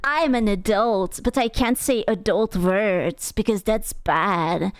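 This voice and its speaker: A young adult woman streamer giving casual reaction commentary, animated and exclaiming with quick asides. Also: medium pitch, dry recording. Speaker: VTuber streamer.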